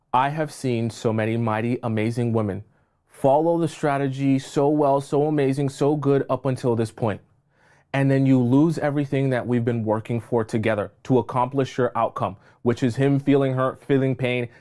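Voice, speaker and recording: With a mid-range, slightly mellow voice, this man gives dating advice on a livestream. His delivery is forceful: he drives points home, says things twice, and keeps asking his audience "okay?" to confirm they're following.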